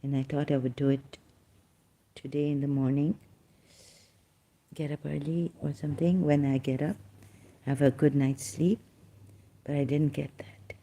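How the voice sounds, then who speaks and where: A man from Pakistan in a solo live-stream monologue, speaking slowly and haltingly with many hesitations, sometimes dropping to a soft whisper. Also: fairly high pitch, flat delivery. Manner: slow, halting, with many hesitations and trailing asides.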